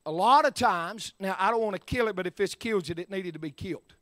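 A man preaching a sermon in church, sliding from low, easy talk up to shouted, drawn-out lines. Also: no echo.

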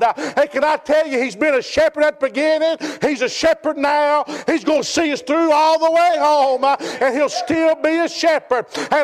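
High-voiced man preaching fervently. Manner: fervent, repeats "hey" and "uh" between phrases. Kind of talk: sermon. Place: church.

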